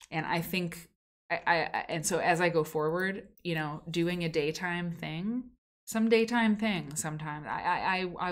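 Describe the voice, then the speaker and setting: A woman hosting a live quilting history stream, talking in a chatty, effusive way with many restarts. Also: fairly low pitch. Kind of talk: casual live-stream chat.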